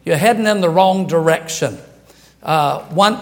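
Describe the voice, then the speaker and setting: A man with a high voice preaches from the pulpit of a church. He keeps it conversational and jokey, chuckling at his own asides before driving his point home. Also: normal speed. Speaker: pastor. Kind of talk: sermon. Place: church sanctuary.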